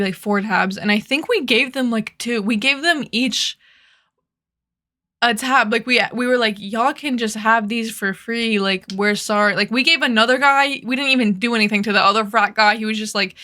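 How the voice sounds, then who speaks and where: Bright, chatty young woman rambling. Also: on the high side. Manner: rambling, laughing, heavy use of "like". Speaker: vlogger. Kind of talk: casual storytelling.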